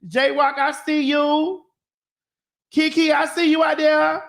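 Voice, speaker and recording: A woman's voice: sits high, level tone, takes it slowly, creaky. A woman hosting a live morning show, calling out viewers' names in a sing-song, playful way, full of "honey" and "baby". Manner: frank, profane and laughing. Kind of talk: live-stream chat, greeting viewers.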